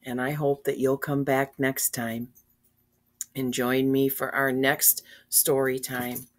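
An older woman reading a children's storybook aloud, then gently and earnestly speaking to young listeners and asking them questions. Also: rumbling low, flat delivery, slow.

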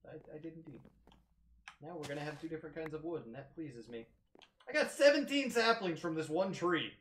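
A young man hosting a casual gaming session, playfully melodramatic, swinging into loud mock outrage and laughter. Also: on the high side, expressive, a little fast, roomy sound, noisy background. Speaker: gaming channel host.

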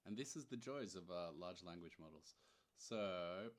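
Young man, deep voice, casual live tutorial host, chatty and wry, thinking out loud. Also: animated, a little slow. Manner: thinks aloud, loose and chatty, wry asides. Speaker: software demo presenter.

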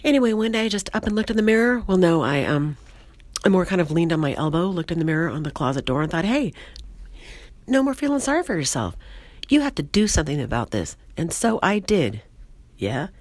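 A hoarse woman voicing a goofy, flirtatious woman at a reunion bar, chatty and excitable. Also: lowish voice, brisk, no echo. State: hoarse, voice mostly lost.

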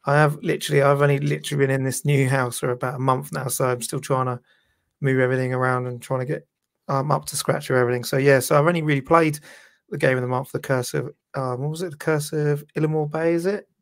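A man chatting as a podcast panelist in a relaxed, rambling way, laughing easily. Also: mid-range voice, fast talker, vocal fry. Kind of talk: casual live-stream chat.

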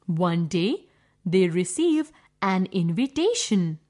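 A woman reading a children's story aloud for young pupils, clear and deliberate, with simple phrasing. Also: on the low side, big pitch swings, darkish tone.

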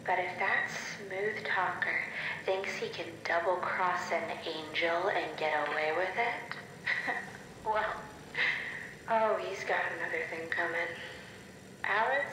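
Bitter scheming actress in a game audio log, slow drawl, bright voice, super echoey tape w faint hiss. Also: female voice, lowish voice. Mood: brooding, vengeful.

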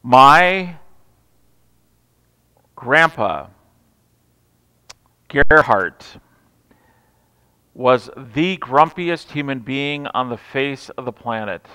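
A man preaching a Christmas Eve sermon, telling stories with humor and swinging from loud declarations to hushed asides. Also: mid-range voice, expressive, drawn-out words, long pauses, clear, resonant tone. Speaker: pastor. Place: large church sanctuary. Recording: reverberant church hall.

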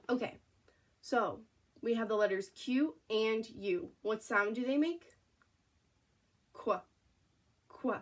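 A woman's voice: a little high, a bit bright. Encouraging woman teaching letter sounds. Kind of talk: phonics lesson for young children.

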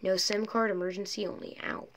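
A woman speaking at a medium pitch and a fairly quick, level delivery chats and rambles while playing a mobile racing game. She's a mobile gaming YouTuber, captured on her phone mic via a screen recorder, with slight background noise.

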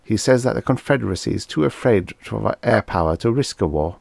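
Man reading as an anxious middle-aged mother, soft-spoken, pleading tone, gravelly underneath. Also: lowish voice, animated, fairly quick, no room sound, voice pushed up. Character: fretful older woman passenger, mother of a flyer.

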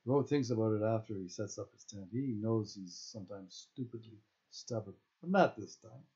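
A man's voice: fairly low pitch, moderate pace, mellow. A man reading his own novel aloud, stumbling now and then and correcting himself mid-sentence. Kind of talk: audiobook-style reading of own fiction. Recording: dull lo-fi recording.

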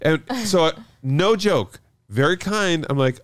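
A man in his forties, a podcast guest, telling a story in a lively way and acting out the people in it. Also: fairly high pitch, a little slow, no echo, studio quality. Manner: lively, acts out quoted voices. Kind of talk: animated storytelling.

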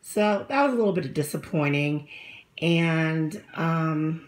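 A woman's voice: low voice, lively intonation, slow pace. A woman, slightly out of breath, chatting casually in a rambling way with many fillers as she reviews a shopping haul. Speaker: vlogger.

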